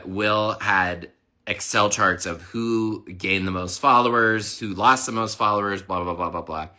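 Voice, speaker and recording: A man in his thirties who is sick and hoarse, chatting casually and rambling through a livestream. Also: on the low side, bright, forceful tone. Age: 30s. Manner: rambling, chatty, lots of fillers. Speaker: livestream host.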